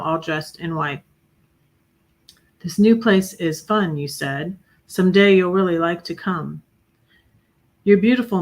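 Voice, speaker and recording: A woman hosting a livestream, reading her own poems in a hesitant way with many pauses and fillers. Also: low-pitched, creaky. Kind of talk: casual poetry reading on a livestream.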